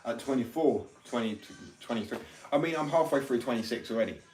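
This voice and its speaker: This 20-something man has a medium-pitched, animated voice that's brisk and a little mellow. Chatting casually in a workshop room, he rambles, swears, and shares strong opinions, picked up far from the mic amid echo and background music.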